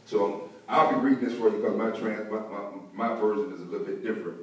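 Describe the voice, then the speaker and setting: A man's voice: fairly low pitch, fast, far from the mic. Preaching man in an echoey church. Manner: rhythmic preaching, calls for congregation responses. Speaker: pastor. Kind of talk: sermon. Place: church sanctuary. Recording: echoey church hall, mic from afar.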